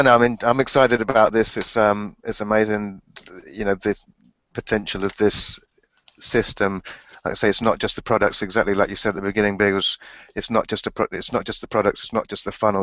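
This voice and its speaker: A man on a group call, talking in a rushed, repetitive, enthusiastic way. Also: on the low side, fairly bright tone, dry recording. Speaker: panel member. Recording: dry dull call audio.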